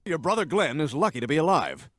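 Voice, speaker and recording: Cartoon doctor, male, bumbling and cheerful; bright, lively voice, dry close sound, deadpan delivery. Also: on the high side, quick pace, no echo. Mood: breezy. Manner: casual, deadpan delivery of absurd lines. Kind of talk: cartoon voice acting.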